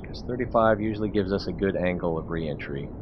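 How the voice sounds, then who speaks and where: A man's voice: low-pitched, brisk. A man streaming a space game, thinking aloud in a chatty, jokey way as he plays. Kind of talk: casual gameplay commentary. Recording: dull lo-fi stream audio with hiss.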